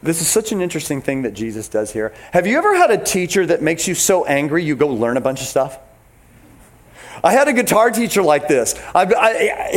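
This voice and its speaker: A male pastor delivering a sermon with a fairly high voice. He preaches in an animated, emphatic way, talking straight to the people in front of him. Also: brisk.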